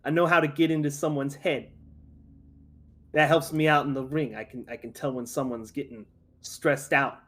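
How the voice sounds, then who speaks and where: A man's voice: mid-range voice, fairly even intonation, moderate pace, fairly bright tone, natural voice. A man voicing a cocky young male boxer with a put-on New York Italian accent, in a tabletop role-play. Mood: boastful. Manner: brash, boastful, laughing a lot.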